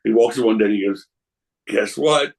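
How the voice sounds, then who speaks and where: On a podcast, a wrestling promoter guest tells casual, rambling stories with a fairly low-pitched, rapid-fire voice, often restarting his sentences. He's animated and acts out the voices of the people in his anecdotes. The audio quality is poor.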